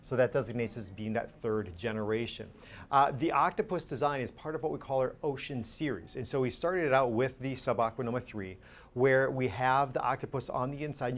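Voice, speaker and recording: A man appearing as a watch brand expert on a live shopping show, speaking in a relaxed, talkative way with fillers. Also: medium pitch. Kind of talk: product explanation on live shopping TV. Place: television studio.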